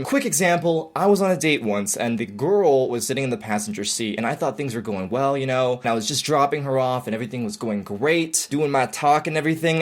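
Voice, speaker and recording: A young man in his twenties hosts a comedic advice vlog. He keeps it light and jokey, and he pokes fun at himself along the way. His voice sits at an ordinary middle pitch. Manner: jokey, playful, self-mocking asides. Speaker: vlogger giving advice.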